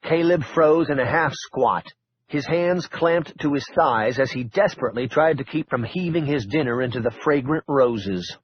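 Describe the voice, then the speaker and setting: A man's voice: mid-range voice, normal speed, breathy edge, no room sound, dull audio. A man narrating an audiobook thriller in a wry, dramatic storytelling manner. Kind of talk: scripted narration.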